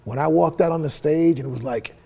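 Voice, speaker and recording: Gravelly middle-aged man telling stories. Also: on the high side, a little fast. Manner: profane, animated storyteller who acts out quoted dialogue. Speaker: interview guest, musician. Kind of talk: casual storytelling interview.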